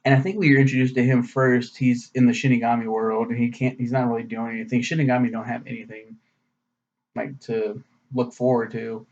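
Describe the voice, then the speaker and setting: A man's voice: medium pitch, flat delivery, brisk, a little mellow. A man giving a casual, rambling anime review, profane and sarcastic in a loose, offhand way. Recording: slightly muffled lo-fi audio.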